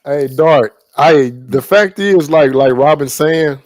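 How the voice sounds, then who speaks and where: A man's voice: on the high side, takes it slowly, darkish tone, no room sound, clean studio sound. A man co-hosting a sports live stream, chatting casually and agreeably. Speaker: co-host.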